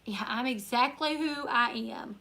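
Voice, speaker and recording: A woman with a country Northern Louisiana accent hosts a casual live stream, chatting easily and reading out viewer comments as they come in. Her voice sits high and bright. She sounds a little tired. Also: measured pace, gravelly. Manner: chatty, reads viewer comments aloud, laughs often. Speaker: YouTuber live-stream host.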